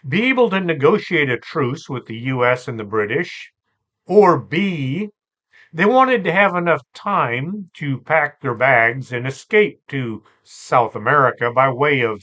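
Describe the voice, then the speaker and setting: Chatty man telling strange stories. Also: fairly high pitch. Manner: relaxed and chatty, with asides and fillers. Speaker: host and storyteller. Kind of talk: conversational storytelling podcast.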